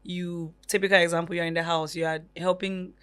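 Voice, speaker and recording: A woman co-hosting a podcast, chatting casually and laughing easily in an animated way. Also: lowish voice, brisk. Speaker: podcast co-host.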